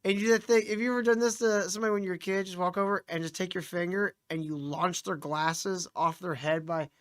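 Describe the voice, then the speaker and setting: A woman's voice: fairly low pitch, fairly even intonation, fast talker. A woman co-hosting a podcast, chatting casually and telling profane stories while laughing often. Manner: laughs often, acts out voices in anecdotes. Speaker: podcast co-host. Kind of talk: casual crude chat and storytelling.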